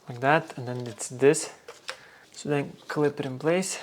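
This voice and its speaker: A man's voice: mid-range voice, steady tone, measured pace, a little hiss or hum. A man hosting a car restoration video, explaining each step casually while he works in a garage workshop. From Norway.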